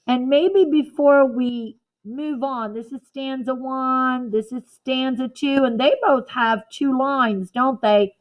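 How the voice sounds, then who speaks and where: A woman's voice: sits high, rough recording. A woman teacher giving a patient classroom lesson to children, counting out beats and checking in with the class. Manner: slow, patient and encouraging, counting beats aloud.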